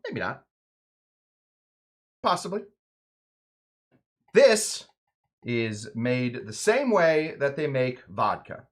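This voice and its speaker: A man's voice: mid-range voice, a bit bright. A man hosting a home cocktail show, chatting casually and joking around while he mixes a drink. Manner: playful, jokey, rambling asides.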